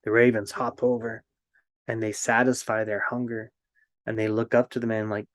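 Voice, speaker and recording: A man's voice: lowish voice, little pitch movement, normal speed, no echo. Reflective male storyteller, dry close sound. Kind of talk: reflective fairy-tale storytelling.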